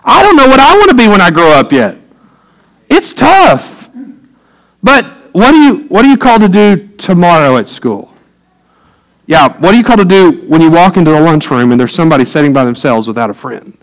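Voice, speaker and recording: A man's voice: on the high side, big pitch swings, fast talker, low-quality recording. A middle-aged man, preaching a sermon as pastor in a folksy way, with joking asides to the congregation.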